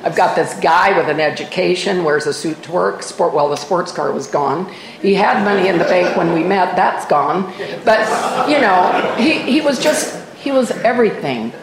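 A woman's voice: lowish voice, animated, moderate pace, echoey room, crowd noise, poor audio. An older woman sharing her personal story at a recovery meeting, candid and self-mocking with wry humor. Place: meeting room. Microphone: microphone at a podium.

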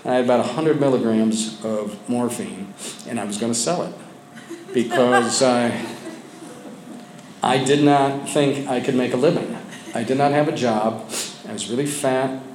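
Addressing a support group of men gathered in a meeting room, a man tells his own story with halting candor, frequently starting over and at times letting his voice drop soft and low. The room echoes, carrying faint ambience and background noise.

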